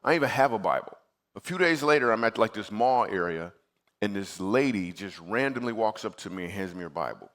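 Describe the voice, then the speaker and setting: A man's voice: on the low side, expressive, fairly quick, fairly bright tone. A man from Michigan, a comedian as guest speaker, telling a personal story in a comedic sermon and acting out his own replies in a conversational way. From Michigan, USA. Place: church stage before a live audience.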